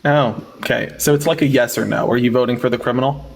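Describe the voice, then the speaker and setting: A young man from rural Pennsylvania hosting a debate livestream, combative and quick, laughing often. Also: medium pitch, fairly even intonation, gravelly, faint music behind.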